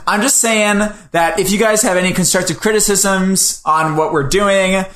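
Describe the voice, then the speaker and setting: Bright, jokey man in an echoey room. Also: high voice, steady tone, normal speed, a little hiss or hum. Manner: rambling, joking, self-deprecating. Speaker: podcast co-host. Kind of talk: casual podcast chat. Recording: roomy echo.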